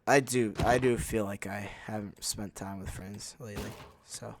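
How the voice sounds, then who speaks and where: A gaming channel host with a fairly low, fairly even voice chats casually as he plays, rambling along unhurriedly and packing in fillers. Heavy background noise runs under the commentary.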